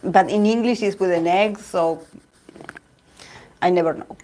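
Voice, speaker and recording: A woman's voice: on the low side, measured pace, dark tone, slight background noise. A woman from Argentina with an Argentine Spanish accent, a Spanish native speaker chatting casually and rambling with viewers on her tarot livestream. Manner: chatty and rambling, with frequent laughs and restarts. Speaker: tarot reader and channel host.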